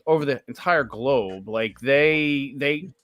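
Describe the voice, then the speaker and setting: A man's voice: medium pitch, takes it slowly, fairly bright tone. A middle-aged man from the United States chatting casually, joking and laughing a lot. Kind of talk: casual chat.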